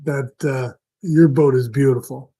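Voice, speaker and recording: A man's voice: mid-range voice, unhurried, breathy edge. Chatty man hosting a fishing stream. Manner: relaxed rambling storyteller with frequent fillers and laughs. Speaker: fishing show host. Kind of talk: casual live-stream chat.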